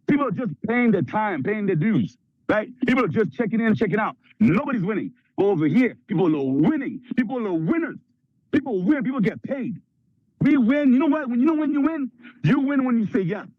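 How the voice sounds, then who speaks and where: A man from Canada giving an energetic motivational talk at a sales training, acting out little skits in put-on voices. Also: high voice, brisk, no echo, narrow, tinny audio.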